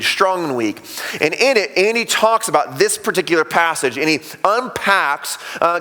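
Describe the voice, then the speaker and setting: A man preaching a sermon as a pastor, telling the story in an animated way and acting out the voices of the people in it. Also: fairly high pitch. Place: church sanctuary. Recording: long hall reverb in church.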